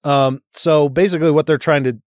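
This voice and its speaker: A man's voice: fairly high pitch, steady tone, fairly quick, darkish tone, no room sound, studio quality. Sarcastic man in casual chat. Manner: reads argument aloud, sarcastic asides, profane. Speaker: podcast co-host.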